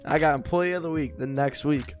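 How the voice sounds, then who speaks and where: A man's voice: a little high, a little fast, faint music behind. A young man co-hosting a podcast, telling a story in a rambling, casual way with lots of filler words and laughter. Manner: rambling, full of likes and laughs. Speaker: podcast co-host.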